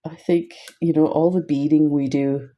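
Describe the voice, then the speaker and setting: A woman's voice: low-pitched, steady tone, moderate pace, muffled recording. An older woman whose first language is French, chatting casually and laughing often while teaching a craft. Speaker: craft instructor. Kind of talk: casual crafting tutorial chat.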